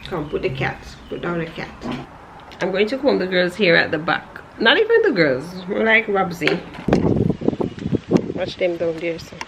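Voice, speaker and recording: A woman's voice: fairly low pitch, big pitch swings, moderate pace, muffled recording. A woman, a mom talking casually to her toddler in a home vlog, playful and coaxing with frequent laughter. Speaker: vlogger mom. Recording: echoey room, faint background noise.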